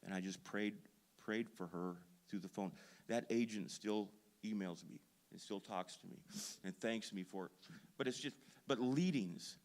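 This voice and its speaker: Low-voiced man preaching a story sermon. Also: a little slow. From Duluth, Minnesota. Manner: storytelling, self-deprecating, builds to loud emphasis. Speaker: pastor. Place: church sanctuary.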